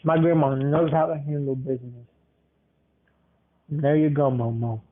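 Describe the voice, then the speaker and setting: A man's voice: a little high, fairly even intonation, measured pace. A man hosting a podcast, rambling casually, repeating words and leaning on fillers. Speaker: podcast host. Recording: tinny phone-line sound.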